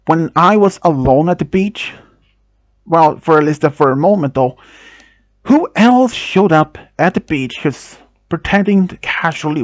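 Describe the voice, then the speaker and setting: A man whose first language is Swedish tells a first-person story, halting with restarts and non-native phrasing. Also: a little high, dry recording.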